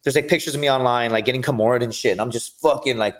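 A man guesting on a podcast, telling his fighting stories in an energetic, profane, rambling way. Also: mid-range voice, very fast. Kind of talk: casual storytelling chat.

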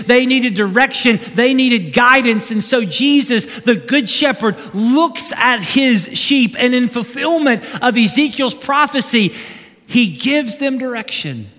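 A man preaching a sermon to a large congregation in a church sanctuary, building to animated emphasis. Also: sits high. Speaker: pastor. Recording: long reverb of a big hall.

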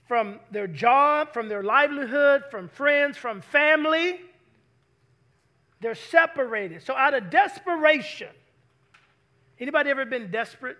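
Preaching a sermon in church, a male pastor speaks in a strikingly high, bright and forceful voice. He repeatedly calls out questions to the congregation.

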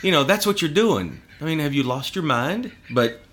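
A man's voice: on the high side, moderate pace. A man in casual chat, telling stories with lots of swearing and acted-out quotes. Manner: animated storyteller, swears a lot, acts out quotes. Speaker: podcast guest.

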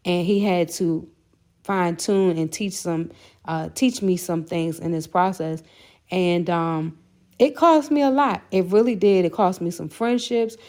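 Woman giving her testimony on a podcast, fairly low voice, earnest, lots of "you know"s. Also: unhurried, a little mellow. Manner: earnest, candid, heavy use of "you know" fillers. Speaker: podcast guest. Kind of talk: personal faith testimony.

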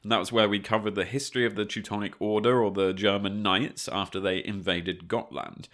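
A man's voice: on the low side, a little fast, a bit bright. A man co-hosting a history podcast from home, moving between easygoing chat and narration. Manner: easygoing, with frequent fillers. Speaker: podcast co-host. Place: home flat.

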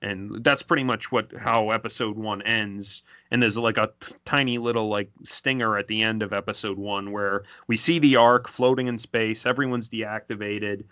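Bright, rambling man, dry close mic. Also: lowish voice, fairly even intonation, moderate pace, few pauses, dry recording. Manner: rambling, heavy with filler words. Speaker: podcast co-host. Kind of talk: casual fan podcast chat, plot recap.

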